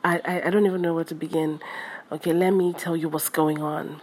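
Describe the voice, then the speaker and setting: A young woman from Africa talks to her podcast listeners in a low, tired voice. She is excited and stumbles over her words as she gives them a casual pep talk. Faint noise sits behind her. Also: fairly quick. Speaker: podcast host. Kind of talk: casual motivational monologue.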